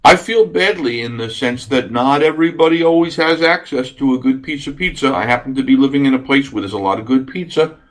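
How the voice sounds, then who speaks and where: A man's voice: medium pitch, a little fast. A man hosting a radio podcast, chatting casually and enthusiastically, rambling with many fillers. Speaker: radio host. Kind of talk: casual solo podcast talk.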